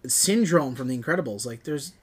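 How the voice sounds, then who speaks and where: A man's voice: medium pitch, animated, brisk, slightly rough. A young man co-hosting a podcast, chatting enthusiastically and rambling with lots of fillers. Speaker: podcast co-host. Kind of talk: casual chat.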